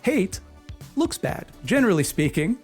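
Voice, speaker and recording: Measured man narrating over music. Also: high voice, big pitch swings. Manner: measured, didactic, list-like delivery. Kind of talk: scripted video essay narration.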